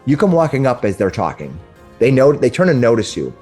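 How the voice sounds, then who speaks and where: A man narrating a tabletop game as game master, talking haltingly with many restarts. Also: mid-range voice, very animated, darkish tone, faint music behind.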